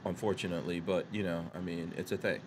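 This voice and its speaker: A man's voice: sits low, steady tone, fast, background noise. A man hosting a live podcast in casual chat, reading out viewer comments and reacting. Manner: reads viewer comments aloud. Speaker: podcast host.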